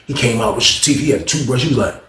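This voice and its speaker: A man telling a story casually, animated and slangy, acting out the people in it. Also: mid-range voice, rapid-fire. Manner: animated, slangy, voices characters. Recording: roomy echo.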